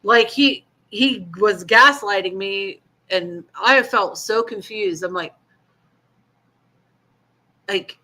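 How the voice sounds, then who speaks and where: A woman talks casually as a co-host, her voice bright and sharp. She tells her story bluntly and candidly, swearing freely and laughing as she goes. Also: mid-range voice, slow pace, pauses often. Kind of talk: casual chat.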